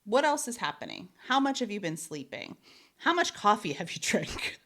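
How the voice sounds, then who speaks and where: A woman co-hosting a podcast, chatting casually in a lively way, laughing often and swearing casually. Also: medium pitch, normal speed. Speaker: podcast co-host. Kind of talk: casual chat.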